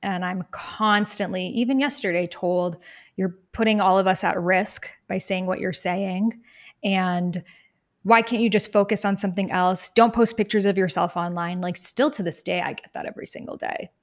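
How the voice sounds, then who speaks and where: A young woman speaks as an interview guest, earnest and reflective, at an ordinary middle pitch. She grows animated when she quotes people she has met. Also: normal speed. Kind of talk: personal storytelling in conversation.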